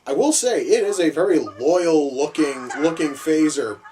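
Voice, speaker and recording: A man's voice: lively intonation, a little slow, dark tone, slight background noise, rough recording. Exasperated, foul-mouthed male movie reviewer. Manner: exasperated, sarcastic ranting with sudden high-pitched outbursts. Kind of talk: profane reaction commentary.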